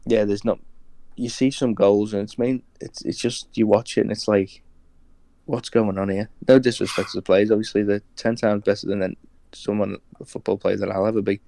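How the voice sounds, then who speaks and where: A man's voice: on the low side, steady tone, fairly quick, creaky, dark tone, no room sound. A man chatting casually as a podcast guest, hesitant, with many ums and restarts. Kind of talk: casual chat.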